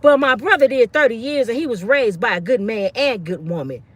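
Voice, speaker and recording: High, lively woman telling sassy stories. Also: no room sound. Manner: emphatic, preachy and sassy, with quick asides. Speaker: host. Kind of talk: animated storytelling rant.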